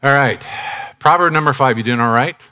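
A man in his sixties giving a sermon, confessional and direct, moving from loud emphatic bursts to soft hushed phrases and repeating key lines. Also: mid-range voice, a little fast, clear, resonant tone. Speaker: preacher.

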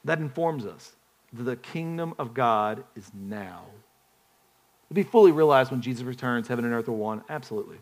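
A man's voice: mid-range voice, animated, normal speed. A man preaching a sermon in a conversational way, often putting questions to the congregation and restarting his phrases. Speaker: pastor.

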